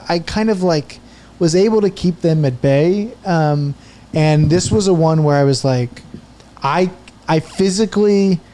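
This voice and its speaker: A man in his thirties hosting a podcast, telling a story in a casual, animated way and swearing often. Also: fairly high pitch. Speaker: podcast host and comedian.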